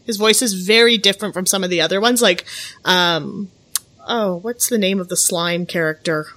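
A woman's voice: lowish voice, normal speed, sharp tone. A woman chatting casually on a podcast, sharing enthusiastic opinions. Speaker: podcast panelist. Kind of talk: casual chat.

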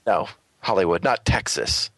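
A man's voice: low-pitched, moderate pace, fairly bright tone, no room sound. A man co-hosting a podcast, chatting casually in a dry, teasing way. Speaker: podcast co-host. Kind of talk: casual chat.

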